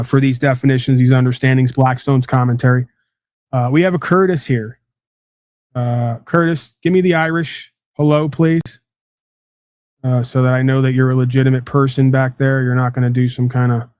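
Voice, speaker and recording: A male livestream host who lectures at length, rambling and restarting with frequent fillers. His voice sits at an average pitch. The recording is dry and close. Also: a little mellow, clean tone, no room sound.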